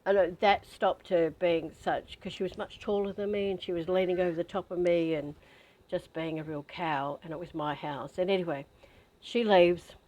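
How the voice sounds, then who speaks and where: A woman's voice: on the low side, fairly even intonation, moderate pace, darkish tone, poor audio. A woman leading a spiritual training session, telling personal stories and guiding listeners to breathe. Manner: candid, chatty storytelling with breathing prompts. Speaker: spiritual teacher. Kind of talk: guided spiritual training talk.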